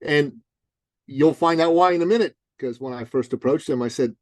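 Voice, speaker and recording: A middle-aged man, an author and business coach, telling a punchy, animated story as a guest in an interview. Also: a little high, normal speed, no echo. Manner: lively, punchy, acts out other people's voices.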